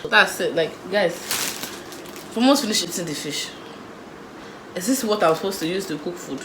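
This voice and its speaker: A young Nigerian woman in a casual storytime vlog, lively and acting out the people in her story. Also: fairly low pitch, normal speed, reverberant, background noise. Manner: animated, acts out voices of the people in her story. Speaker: vlogger.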